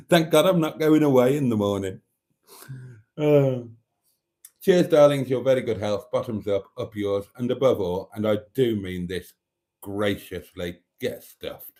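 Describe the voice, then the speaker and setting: A man's voice: fairly low pitch, takes it slowly, long pauses, warm tone. A man hosting a casual live stream, theatrical and camp, calling viewers darling and trading cheeky mock-rude jokes.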